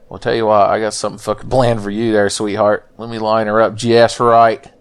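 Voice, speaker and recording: A man's voice: on the low side, little pitch movement, fairly quick, smooth. A man giving let's play commentary in a jokey, profane, rambling way. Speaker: gameplay commentator.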